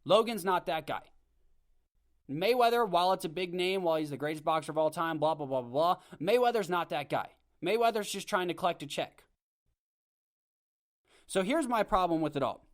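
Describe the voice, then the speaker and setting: A man's voice: sits high, expressive, normal speed. A man hosting his own podcast, giving a casual, opinionated rant on a home microphone. He rambles, restarts often, and talks with blunt conviction. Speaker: podcast host. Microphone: home podcast mic.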